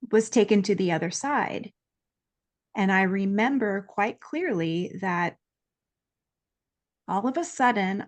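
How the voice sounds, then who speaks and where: Earnest woman telling a personal story. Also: medium pitch. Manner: earnest, lively, acts out quoted voices. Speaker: guest.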